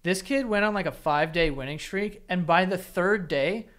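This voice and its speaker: A man's voice: sits high, moderate pace, fairly bright tone. A man co-hosting a casual podcast, chatting loosely, swearing now and then and chiming in with jokes. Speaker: podcast co-host. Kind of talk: casual chat.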